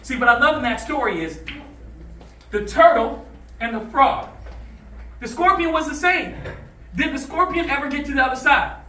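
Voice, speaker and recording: A man giving a motivational talk to high school students, drawing answers from the room and telling stories, recorded in a roomy classroom away from the mic. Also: normal speed, long pauses, recorded from a distance, a little hiss or hum. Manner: animated, calls for answers, storytelling. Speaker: motivational speaker.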